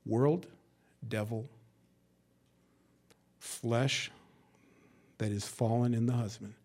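A man in the pulpit working through scripture verse by verse, his voice sitting at an ordinary middle pitch. He drops to quiet, confiding asides, then surges loud when he reads the text. Folksy jokes and acted-out quotes keep it conversational. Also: fairly even intonation, takes it slowly. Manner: swings between hushed asides and loud emphatic verse reading. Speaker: pastor. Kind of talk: expository sermon.

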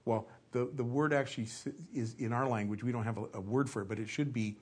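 A man's voice: medium pitch, fairly even intonation, quick pace, hardly any pauses, husky. A middle-aged man preaching a sermon in a conversational, storytelling way, acting out little asides as he goes.

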